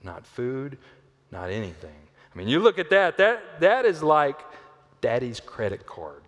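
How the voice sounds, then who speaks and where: Pastor preaching in a reverberant hall. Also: male voice, medium pitch, measured pace. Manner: lively, swinging between loud emphasis and hushed delivery; playful asides with a volunteer on stage. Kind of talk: sermon. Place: church auditorium.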